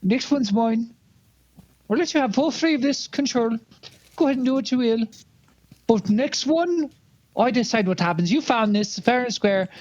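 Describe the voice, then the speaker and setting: A man's voice: very high voice, animated, moderate pace, long pauses, darkish tone, dry recording, dull audio. A man playing his character in a tabletop game, brash and swearing a lot. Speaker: player. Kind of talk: in-character tabletop role-play.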